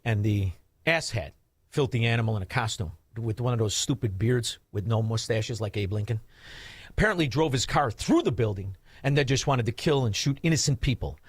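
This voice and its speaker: A male talk show host giving insulting, sarcastic commentary over news clips, dropping to mutters and bursting into loud rants. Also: mid-range voice, animated, a little fast, breathy edge, no room sound.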